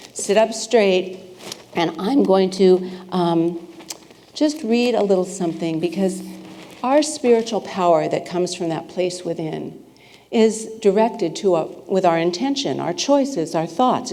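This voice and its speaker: A woman's voice: lowish voice, mellow. A woman minister preaching a conversational sermon, chatty and playful, asking the congregation questions. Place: spiritual center sanctuary with a congregation. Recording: reverberant hall.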